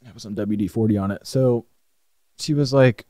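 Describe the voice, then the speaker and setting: A young man co-hosting a podcast, telling a story in a casual, animated way and swearing freely. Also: fairly low pitch, normal speed, no echo, studio quality. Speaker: podcast co-host. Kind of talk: casual chat.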